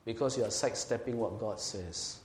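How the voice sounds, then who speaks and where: A man with a Singaporean English accent preaching a sermon as a pastor, swinging between loud and quiet delivery and acting out quoted speech. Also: lowish voice, fairly quick, echoey room, slight background noise. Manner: lively, swings from loud to quiet, laughs often, acts out quotes.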